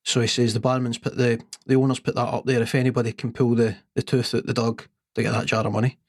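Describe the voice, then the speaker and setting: A man, co-hosting a sports podcast and telling a long pub joke in an unhurried, deadpan way. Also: mid-range voice, dry recording, clean studio sound. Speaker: podcast co-host.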